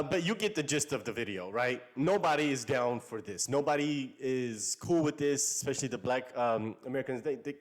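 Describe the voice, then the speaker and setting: Emphatic male commentary host. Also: medium pitch. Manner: emphatic, repeats himself. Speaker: channel host. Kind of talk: casual commentary.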